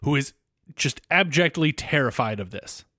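A man co-hosting a podcast in casual chat, enthusiastic and quick to laugh. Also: mid-range voice, animated, sharp tone, dry recording, clean studio sound. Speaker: podcast co-host.

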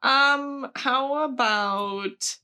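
A female podcast co-host in relaxed banter. Her voice sits a little high and she speaks slowly and deliberately. She is dry and self-deprecating and laughs often. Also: clean tone. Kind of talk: casual podcast chat.

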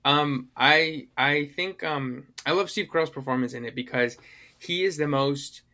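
A young man with a bright, forward voice that sits a little high for a man. He co-hosts a podcast in loose, casual chat, rambling through fillers and acting out lines from films. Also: unhurried. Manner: rambling, filler-heavy, acts out movie lines. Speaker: podcast co-host.

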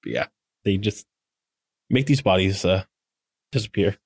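Low-voiced man rambling through a recap. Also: sing-song, measured pace, slightly rough, no echo, studio quality. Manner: rambling, filler-heavy retelling. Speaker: podcast co-host. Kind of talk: casual episode recap.

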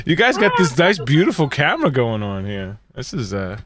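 A man's voice: medium pitch, moderate pace, over a noisy crowd. A man hosting a podcast on a video call, chatting casually and joking around. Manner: lively, animated, joking. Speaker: podcast host. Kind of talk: casual chat.

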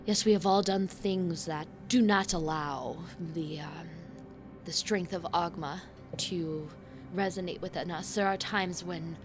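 A woman's voice: lowish voice, steady tone, unhurried, music in the background, close to an everyday voice. A woman voicing a male priest who speaks earnestly and stammers when flustered. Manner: stammering, reassuring.

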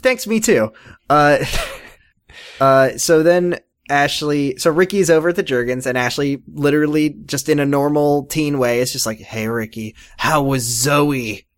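A man's voice: fairly high pitch, moderate pace, clean tone. A man co-hosting a casual recap podcast, wry and mocking, laughing often. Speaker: podcast co-host.

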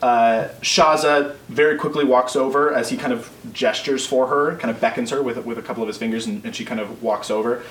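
A man's voice: medium pitch, fairly even intonation, brisk, hardly any pauses, a bit bright. Rambling man running a tabletop game. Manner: casual, rambling, filler-heavy description. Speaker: game master. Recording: roomy, distant mic with faint noise.

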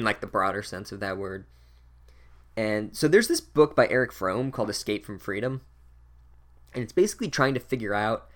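Sarcastic guy swearing his way through a book recap, wry and offhand. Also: mid-range voice. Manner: sardonic, swears a lot, wry. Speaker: podcast host recapping a book. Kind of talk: casual profane commentary.

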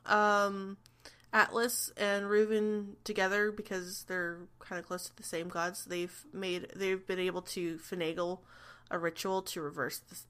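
A woman narrating as game master of a tabletop role-playing game, relaxed and chatty. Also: mid-range voice, measured pace, clear, resonant tone. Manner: relaxed, chatty, laughs often.

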